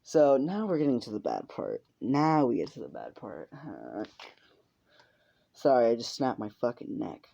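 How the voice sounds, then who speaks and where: A man's voice: mid-range voice, wildly swooping pitch, measured pace, gravelly, mellow. A man narrating an improvised fan story in a rambling way, full of fillers and swearing. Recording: muffled lo-fi recording.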